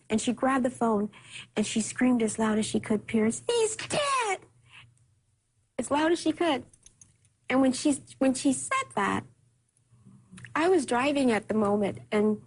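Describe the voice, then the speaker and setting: A woman giving an emotional personal account in an interview, soft-spoken and halting, often repeating herself. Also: a little high, slightly rough.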